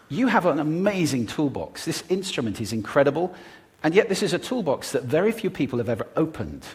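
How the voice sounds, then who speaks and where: A man giving a talk on stage to a live audience about speaking, deliberately varying his pitch, pace and volume. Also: sing-song. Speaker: public speaker on voice.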